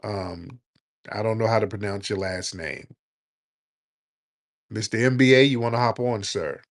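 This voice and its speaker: A man hosting a call-in show, blunt and joking, scolding his callers in loud, casual talk. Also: on the low side, a little slow. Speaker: radio call-in host.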